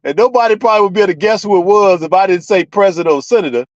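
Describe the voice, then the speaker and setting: A vlogger ranting to viewers in an animated, profane way, laughing often. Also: medium pitch, very fast, dry recording, dull audio.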